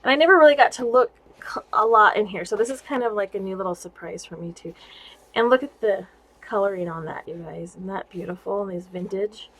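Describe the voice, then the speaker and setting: A woman vlogging casually about craft gifts she received, gushing and excitable and laughing often, at home indoors. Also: mid-range voice, fairly quick, low-quality recording. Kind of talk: casual show-and-tell vlog.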